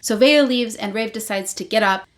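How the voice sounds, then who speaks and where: A woman's voice: a little high, normal speed. A woman in a casual book vlog, recapping a fantasy novel in a chatty way with lots of filler words. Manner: chatty, with lots of "like" and "you know". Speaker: book vlogger.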